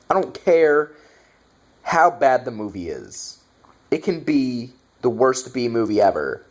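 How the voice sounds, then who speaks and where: A man's voice: mid-range voice, fairly bright tone. A man reviewing a bad movie in a casual, exasperated rant, swearing and sarcastic.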